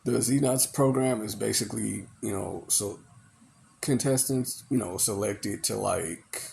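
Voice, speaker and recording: Slow, gravelly man rambling. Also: on the low side, darkish tone, a little hiss or hum. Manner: rambling, full of "you know" and "like". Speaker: movie reviewer. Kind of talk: casual movie recap.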